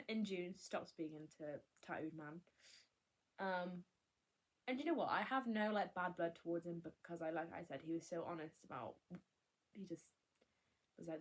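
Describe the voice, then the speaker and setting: A woman's voice: on the low side, sing-song, normal speed, pauses often, slightly rough. A young woman vlogger chatting candidly, rambling and cutting herself off with laughs. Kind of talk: casual chat.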